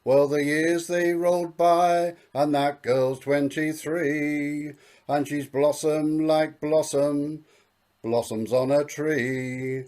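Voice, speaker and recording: A man's voice: fairly high pitch, steady tone, a little mellow. A man singing a comic story ballad as a singer-songwriter. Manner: slow sung storytelling.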